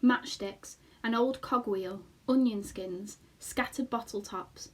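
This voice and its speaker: A woman teacher reading a children's novel aloud in a slow, expressive storytelling manner. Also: fairly high pitch, low-quality recording.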